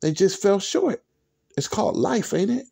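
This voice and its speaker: A man's voice: high voice, big pitch swings, normal speed, vocal fry, a little mellow, slightly rough. A man hosting a sports vlog, ranting in an exasperated, repetitive, profane way with speech. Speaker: sports video host.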